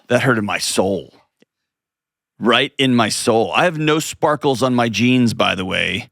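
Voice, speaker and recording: A man hosting a call-in advice show, talking with a lively, joking, self-mocking energy. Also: mid-range voice, unhurried, vocal fry, no room sound, clean studio sound. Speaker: host.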